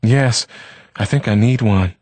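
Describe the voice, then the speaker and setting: A man's voice: fairly low pitch, measured pace, a little mellow, dry recording, pitched above the performer's own voice. A man voicing an anxious young woman who is searching for her missing brother, earnest and shaky.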